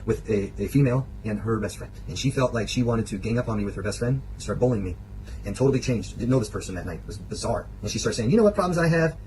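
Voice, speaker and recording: A man telling a story in an online video monologue, animated and exasperated. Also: lowish voice, fast, background noise. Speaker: life coach.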